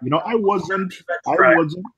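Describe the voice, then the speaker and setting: Animated Jamaican-born man in his thirties. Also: high voice, unhurried, breathy edge, lo-fi sound. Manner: animated, laughing, repeats words as he talks. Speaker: live stream chat participant. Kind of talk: casual chat.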